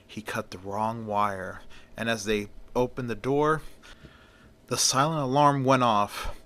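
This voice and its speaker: A man telling a story in a casual, folksy way, with a voice of middling pitch. He narrates loosely, as if talking to friends. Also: steady tone, takes it slowly, a bit bright. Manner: folksy, often opens with "well".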